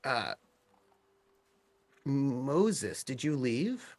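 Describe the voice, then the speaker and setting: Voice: mid-range voice, big pitch swings, very slow, a little mellow. A game master narrating a tabletop western game and prompting the players with questions.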